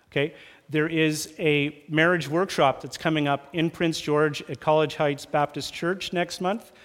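A man preaching a sermon as pastor, talking lively and acting out quarrels in raised voices. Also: a little high. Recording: long church hall reverb.

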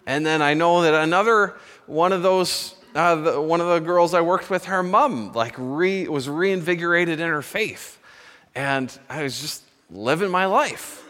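A fairly high, fairly bright male voice carries a long reverb tail as this pastor delivers his sermon during a church service. Unhurried, he shares stories in a chatty manner and often corrects himself mid-thought.

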